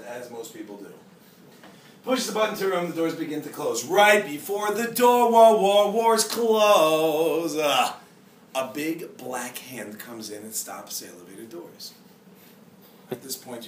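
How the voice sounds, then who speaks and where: A man teaching a class, telling stories in an animated way and often asking the students questions. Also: medium pitch. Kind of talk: storytelling lecture to a class. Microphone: distant mic. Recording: echoey room from far off, with background noise.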